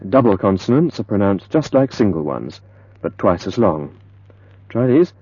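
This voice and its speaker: A man teaching pronunciation in a scripted lesson, saying example words slowly and carefully for the listener to repeat. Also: on the low side, sing-song, darkish tone, slightly rough, dry recording, highs cut off. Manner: slow, careful, modeling words for repetition. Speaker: language teacher.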